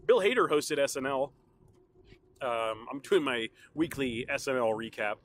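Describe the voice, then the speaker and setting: A man's voice: medium pitch, animated, measured pace, a little hiss or hum. Chatty rambling man with a sore throat. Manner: rambling, chatty, laughs often. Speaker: podcast host. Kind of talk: casual solo podcast chat.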